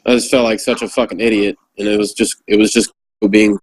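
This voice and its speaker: A man's voice: fairly low pitch, a little fast, poor audio. A man who served as a Marine corporal, telling war stories in a casual, profane chat. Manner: profane, animated storyteller. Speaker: former Marine corporal, guest.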